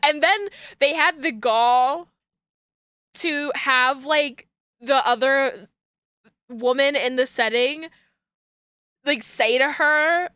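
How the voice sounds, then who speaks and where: Excitable, ranting young woman streamer. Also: high-pitched, slow pace, long pauses, dry recording, clean studio sound. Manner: excitable ranting, laughing, bursts of shouting. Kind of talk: casual game-stream chat.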